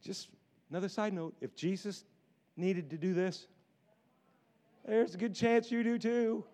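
High-voiced animated pastor preaching. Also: male voice, measured pace. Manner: animated, jokey, swings from hushed to shouting. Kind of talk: sermon.

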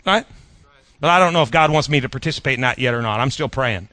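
A middle-aged male pastor preaching a sermon in an animated, joking way, often repeating his words. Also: medium pitch, quick pace, no room sound.

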